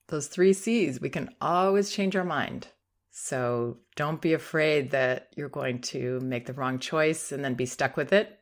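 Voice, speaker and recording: A middle-aged woman hosting a parenting podcast, giving calm, reassuring advice and acting out short lines a parent might say. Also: low-pitched. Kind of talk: advice monologue.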